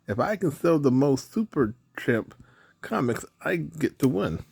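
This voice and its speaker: A man's voice: a little high, very animated, unhurried, gravelly, darkish tone, slightly rough, no echo, full character voice. A man voicing a bossy, self-assured young boy in a children's story reading. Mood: eager.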